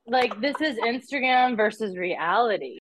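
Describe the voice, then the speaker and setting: A woman's voice: fairly high pitch, lively intonation, unhurried, crowd noise. A young woman telling stories in casual chat, who fills her talk with "like" and acts out quotes. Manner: chatty storyteller, says "like" a lot, acts out quotes.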